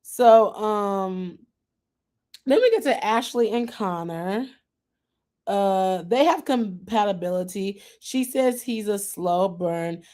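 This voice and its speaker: Brief: female host, mid-pitched voice, casual gossipy TV recap, opinionated, acts out quotes. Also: expressive, slow pace, a little mellow.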